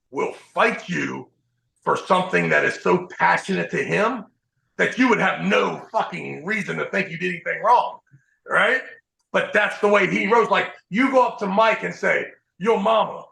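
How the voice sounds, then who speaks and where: A man hosting a podcast, telling profane, animated stories in casual chat. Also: high voice, normal speed, creaky, echoey room, low-quality recording. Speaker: podcast host.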